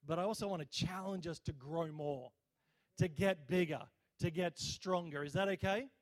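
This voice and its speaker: Energetic high-voiced preacher. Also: male voice, moderate pace. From Australia. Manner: energetic, rallies the crowd for responses. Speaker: visiting preacher. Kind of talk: sermon with healing prayer. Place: church service.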